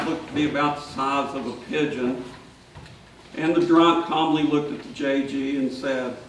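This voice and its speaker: Priest preaching in an echoey church. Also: male voice, a little high, distant mic, slight background noise. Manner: storytelling, shouting out the lines of people in the story. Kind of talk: sermon. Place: large church.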